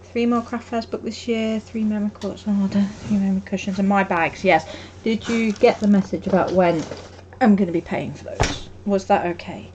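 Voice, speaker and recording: A woman's voice: medium pitch, fairly even intonation, normal speed, a little mellow, dull audio, a little hiss or hum. A young woman from Wolverhampton, chatting casually and teasing herself while she crafts at home on a live stream. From Wolverhampton, England. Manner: chatty, self-deprecating, rambling.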